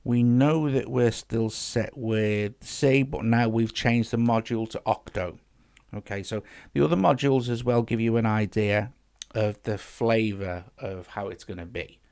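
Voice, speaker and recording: A man with a fairly low voice walks through a music app in a casual tutorial. He chats as he goes, thinking aloud and restarting half-finished phrases. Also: a little slow, creaky, darkish tone. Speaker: app demo host.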